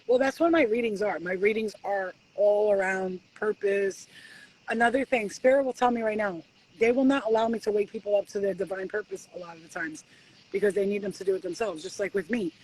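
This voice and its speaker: A woman giving spiritual readings at home in a casual live-stream chat, animated and swearing freely as she acts out conversations with spirits. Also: medium pitch, a little fast, slight background noise, low-quality recording. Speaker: spiritual reader.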